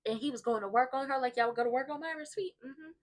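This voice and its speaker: A woman's voice: high-pitched, fast talker. A woman giving a comedic recap of a soap opera episode, talking dramatically and sassily, with mock crying and playful exaggeration.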